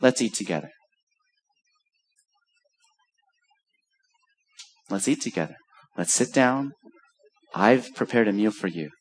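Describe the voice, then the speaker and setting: A man voicing Jesus as a calm, patient figure who softly invites his friends to share a meal. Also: moderate pace, breathy edge. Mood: tender. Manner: soft, low, coaxing.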